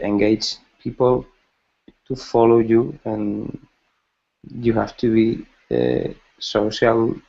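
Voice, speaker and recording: A man in his forties speaking slowly and haltingly, with a low, gravelly voice full of restarts. His words come over muffled, lo-fi call audio. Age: 40s. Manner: halting, many restarts and fillers. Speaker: student introducing himself. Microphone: video call.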